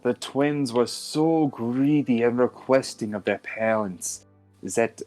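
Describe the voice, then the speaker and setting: A man's voice: mid-range voice, slow, a little mellow, faint music behind. A man on a casual podcast, retelling a grim fairy tale in a teasing, mock-dramatic storyteller manner.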